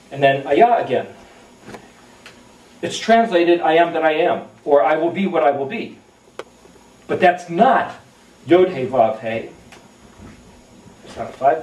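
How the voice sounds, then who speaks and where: A man's voice: a little high, a little mellow. A man giving a Bible teaching, explaining Hebrew letters and words in a musing, explanatory way. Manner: explanatory, spells out Hebrew letters, muses aloud. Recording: echoey room, mic at a distance.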